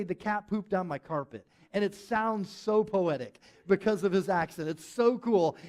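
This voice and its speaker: A male pastor with a high voice delivers a sermon to a live church congregation. He tells a story in an animated way and slips into the voices of the people he quotes. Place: church service with live audience.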